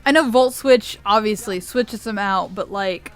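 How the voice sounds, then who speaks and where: A woman's voice: mid-range voice, measured pace, clean tone, faint music behind. A young woman giving casual, rambling video game commentary, laughing often and swearing freely. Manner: giggly, rambling, swears a lot. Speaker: gaming YouTuber.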